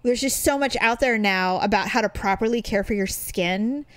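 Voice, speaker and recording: A middle-aged woman co-hosting a podcast in casual chat, telling stories and acting out her own quotes with a lively voice. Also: mid-range voice, normal speed, no echo. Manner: animated storyteller, acts out her own quotes. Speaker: podcast co-host.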